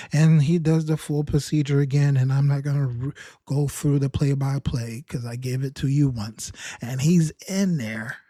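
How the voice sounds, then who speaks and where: A man's voice: medium pitch, moderate pace, dark tone, no room sound, studio quality. A man telling a rambling, self-mocking comic story about his own experience. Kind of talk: humorous personal storytelling.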